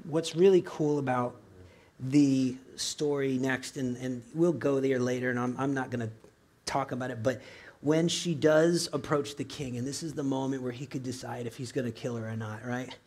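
A man's voice: medium pitch, steady tone, moderate pace, a little mellow. A man preaching a sermon in a loose, conversational way, full of asides and rhetorical questions to his congregation. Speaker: pastor.

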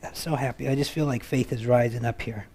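A man preaching a casual sermon in a conversational, animated way, acting out the voices of people in the stories he tells. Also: medium pitch, a little fast, breathy edge. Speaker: pastor.

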